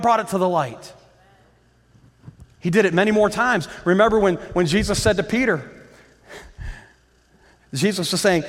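A man with a high voice preaches a sermon, pressing his points through repetition and rhetorical questions. His voice rings out with the long reverb of a large church hall. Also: expressive, normal speed, long pauses, a bit bright. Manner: impassioned preaching with repeated phrases and rhetorical questions. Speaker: pastor.

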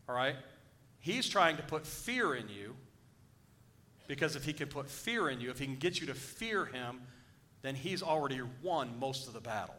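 A man's voice: medium pitch, very animated, normal speed, bright, forceful tone. A man preaching a sermon, emphatic and often checking in with his congregation. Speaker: pastor.

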